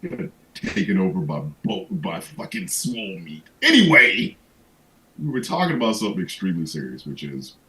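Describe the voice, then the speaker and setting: A man's voice: deep voice, sharp tone, rough recording. A man hosting a livestream, ranting in casual comedic chat with lots of profanity and stammered restarts. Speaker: livestream host.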